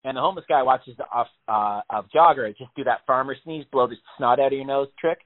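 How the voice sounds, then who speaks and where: Fast and mid-range, a man's voice rattles through a casual podcast chat. His storytelling is animated, heavy on swearing and on acted-out panicked voices, and the sound is narrow-band like a phone line.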